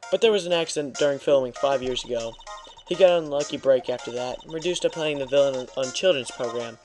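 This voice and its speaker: A man's voice: medium pitch, quick pace, darkish tone, faint music behind, lightly acted. A man voicing a bossy, gossipy old woman security guard in a video game read-through, talking in a nagging, self-important way.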